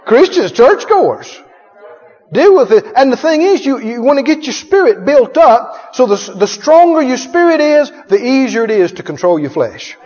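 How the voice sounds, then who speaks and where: A man's voice: extremely high pitch, big pitch swings, moderate pace, a little mellow. A male pastor preaching with emphatic call-and-response and frequent chuckles. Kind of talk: sermon. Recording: echoey hall, dull sound.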